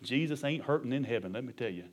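A man's voice: mid-range voice, animated, quick pace. A middle-aged male pastor preaching a sermon, emphatic and colloquial, punctuating his points with amen and hallelujah.

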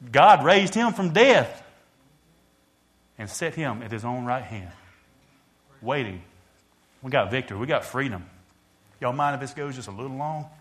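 A preacher delivering a sermon, swelling loud and dropping quiet, calling out to the congregation. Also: male voice, mid-range voice, moderate pace, pauses often.

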